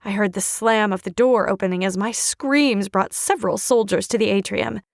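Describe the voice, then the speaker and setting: A woman's voice: mid-range voice, moderate pace, gravelly, no echo, clean studio sound. A woman narrating an audiobook in a dramatic, emotional first-person reading. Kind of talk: scripted narration.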